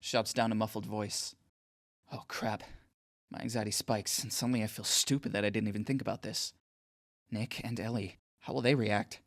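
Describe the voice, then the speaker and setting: A man's voice: fairly low pitch, no room sound, studio quality, close to an everyday voice. An actor playing an anxious, awkward teenage boy who narrates his own story in an audio drama, speaking in an inward, self-deprecating way.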